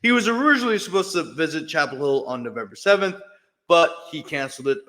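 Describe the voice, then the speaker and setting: Podcast host, male, chatty sports talk, bright tone, some hall reverb. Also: a little high, animated, fast talker. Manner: chatty, heavy fillers and restarts. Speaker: podcast host, beat writer. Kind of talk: casual sports podcast commentary.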